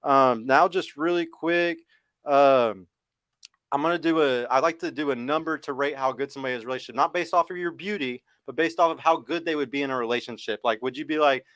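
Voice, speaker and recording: A man in his thirties hosts a casual panel chat, stern and argumentative in tone. He talks at a quick clip. His voice sits mid-range and is recorded dry and close. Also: mid-range voice, a bit bright, dry recording. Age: 30s. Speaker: podcast host.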